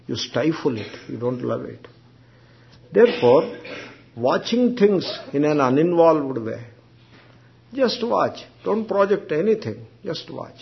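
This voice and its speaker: A man, a monk teacher giving an unhurried, gentle spiritual discourse. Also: on the high side, big pitch swings, creaky, slight background noise. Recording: dull lo-fi recording.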